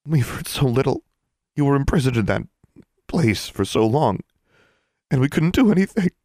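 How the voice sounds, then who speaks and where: A man's voice: medium pitch, sing-song, moderate pace, darkish tone, no echo, clean studio sound, pitched above the performer's own voice. A man reading aloud and voicing a fearful, tearful middle-aged mother whose pleading voice rises and shakes.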